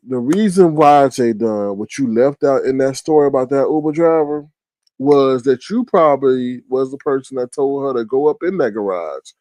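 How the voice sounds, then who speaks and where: A man's voice: medium pitch, a little mellow, dry recording. A man hosting a casual livestream, teasing and greeting chat viewers by name. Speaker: livestream host.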